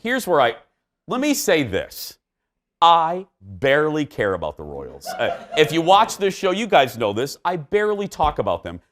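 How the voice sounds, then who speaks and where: Animated male talk show host. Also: on the high side, normal speed, a little hiss or hum. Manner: animated, fired-up and emphatic. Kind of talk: opinionated talk show chat.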